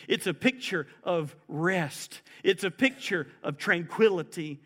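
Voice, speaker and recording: High-voiced preaching man. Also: normal speed, few pauses, fairly bright tone. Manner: preaching with rising emphasis and quoted scripture. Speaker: pastor. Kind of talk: sermon.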